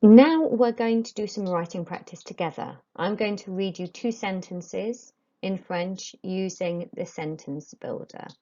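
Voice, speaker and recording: Slow-speaking woman teacher, dull recording. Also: medium pitch, dark tone. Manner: slow, deliberate dictation of French phrases with English explanations. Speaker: French teacher. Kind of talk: recorded classroom lesson.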